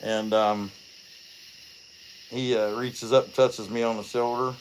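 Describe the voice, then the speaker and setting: A man's voice: on the low side, slow, slight background noise. A man chatting casually while hosting a carving livestream, rambling and joking with plenty of fillers. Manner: rambling, joking, many fillers, lively storytelling. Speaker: chainsaw carver and livestream host.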